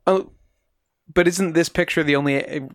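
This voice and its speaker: A man's voice: fairly high pitch, a little slow, dry recording, studio quality. A man co-hosting a casual podcast who cuts in with jokes and skeptical questions. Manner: jokey, skeptical interjections and questions. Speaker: podcast co-host. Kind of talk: casual chat.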